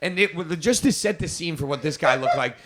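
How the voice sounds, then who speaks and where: A young man co-hosts a casual comedy podcast, telling a long, rambling story full of profanity. His voice sits a bit high with a gravelly, fried texture, and he keeps jumping into voices for the people he describes. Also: lively intonation, fairly quick, heavy background noise. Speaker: podcast co-host.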